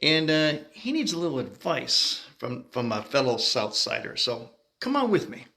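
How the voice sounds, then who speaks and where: A man's voice: mid-range voice, sing-song, moderate pace, creaky, pushed and bright, full character voice. A man playing a brash, street-talking Chicago South Side guy, speaking with a Chicago accent in a comic monologue full of blunt slang and "you know".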